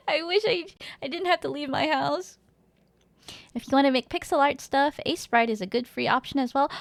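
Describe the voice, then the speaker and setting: A woman's voice: sits high, expressive, normal speed, gravelly, dry recording. A woman streamer chatting casually with her viewers in a rambling, giggly way, reading chat aloud and humming now and then.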